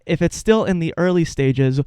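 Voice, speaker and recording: A man's voice: fairly high pitch, lively intonation, moderate pace, warm tone, smooth, dry recording, clean studio sound. A young man hosting a radio interview, asking long, hesitant, rambling questions. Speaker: radio host.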